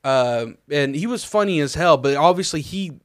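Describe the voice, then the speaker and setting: A man's voice: fairly high pitch, animated, moderate pace, no echo, clean studio sound. A young man co-hosting a podcast, telling a rambling story full of fillers and acting out what people said. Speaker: podcast co-host. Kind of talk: casual chat.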